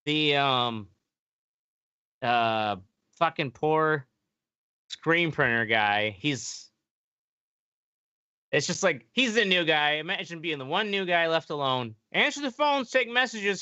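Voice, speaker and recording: Man, podcast host, fairly bright voice, dry close sound, rambling profane rant. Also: on the high side, expressive, takes it slowly, long pauses, smooth, no echo, lo-fi sound. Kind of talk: casual podcast chat.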